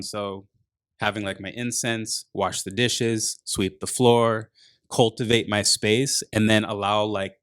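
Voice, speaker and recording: Chill guy w a low voice, meditation coach on a podcast, says "like" constantly, dry close sound. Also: a bit bright, no echo. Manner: laid-back, filler-heavy talk. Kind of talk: casual podcast chat.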